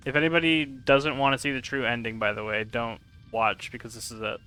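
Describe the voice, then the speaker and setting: A man's voice: medium pitch, little pitch movement, brisk, sharp tone, clean tone, faint music behind. A man chatting casually while live-streaming a game, answering chat and laughing often.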